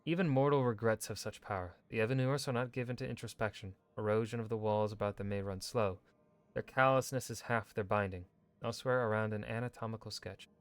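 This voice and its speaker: A man streaming a video game, reading in-game lore texts aloud in a measured, steady way with brief asides. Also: fairly low pitch, smooth, no room sound. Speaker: gaming streamer.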